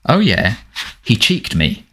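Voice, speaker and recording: A man's voice: mid-range voice, wildly swooping pitch, slow pace, fairly bright tone, breathy edge, heavily acted. A man voicing a snarling teenage bully. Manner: snarling, taunting. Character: surly teenage boy bully, big and sneering.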